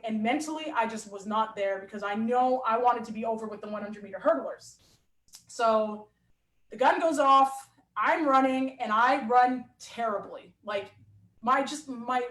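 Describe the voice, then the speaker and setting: A woman athlete and coach telling a story in a lively, animated way in a casual interview. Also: fairly high pitch. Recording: roomy echo.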